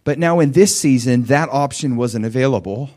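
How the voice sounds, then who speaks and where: A man preaching a sermon as a personal story, conversational with fillers and questions to the listeners, swinging from hushed tones to loud shouts. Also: mid-range voice, normal speed. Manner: emotional storytelling with big swings from quiet to shouting.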